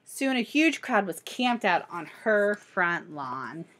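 A woman teacher reading a picture book aloud to children, expressive and animated. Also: mid-range voice, slow.

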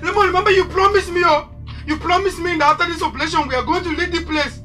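A frantic young village man pleads again and again for his share, his voice high and bright with a Nigerian Pidgin accent. He sounds stubborn and insistent, and soft music plays under the film scene. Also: fairly even intonation, fast. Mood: pleading. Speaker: Tio, a young man from Gboko. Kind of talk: Nollywood film acting.

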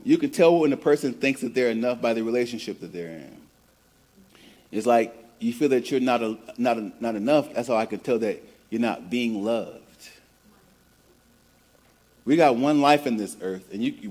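A male pastor from the American Midwest gives a conversational sermon, often repeating words as he builds a point and prompting the congregation to say phrases back. His voice is medium-pitched with a darkish tone.

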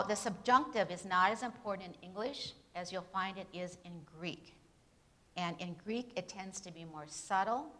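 A woman's voice: medium pitch, a bit bright. Grammar teacher, female, mid-range voice; asks questions, answers with tag questions, stresses her examples. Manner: reads example sentences with shifting emphasis. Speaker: Bible institute grammar teacher. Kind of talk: classroom lecture with questions to students.

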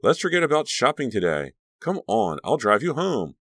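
A man's voice: medium pitch, sing-song, normal speed, a bit bright, no echo, clean studio sound, voice pushed up. A man putting on a worried teenage girl friend. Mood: soothing. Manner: soothing and worried.

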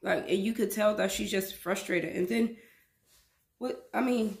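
A woman's voice: medium pitch, a little slow, gravelly. A woman giving a casual, emphatic reaction commentary to her viewers, often repeating words for stress. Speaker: reaction vlogger.

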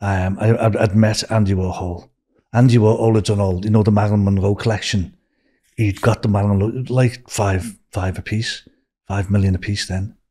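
An older man with a Liverpool accent, telling rambling, animated anecdotes as a podcast guest. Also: fairly low pitch, normal speed, breathy edge. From Liverpool, England. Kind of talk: casual storytelling.

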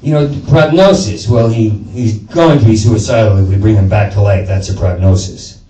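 A man's voice: lowish voice, steady tone, moderate pace, mellow. A man doing a rambling, profane stand-up set with lots of stammered restarts, in a small performance space. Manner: rambling, profane, self-interrupting. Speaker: stand-up comedian. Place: small performance space before a live audience. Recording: roomy live sound from a distant mic with crowd laughter.

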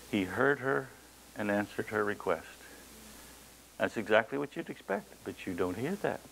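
Gravelly guy preaching, big dramatic swings, folksy little stories and chuckles. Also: mid-range voice, poor audio. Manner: folksy storytelling asides. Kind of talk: sermon.

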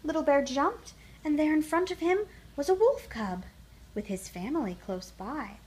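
Lively, expressive woman reading a children's book. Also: high voice, moderate pace, a little hiss or hum. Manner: expressive, sing-song storytelling. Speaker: storyteller.

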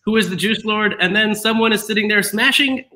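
A man's voice: high-pitched, a little fast, sharp tone, poor audio. A man hosting a casual live chat show, playful and teasing. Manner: laughs often, playful teasing. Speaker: show host.

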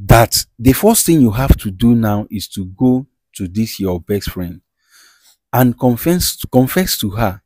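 Lively interpreter-host, mid-pitched man, quick urgent appeals, close dry sound. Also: no echo. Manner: animated, switching between urgent appeals and soothing. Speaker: interpreter and show presenter. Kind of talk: comedy skit.

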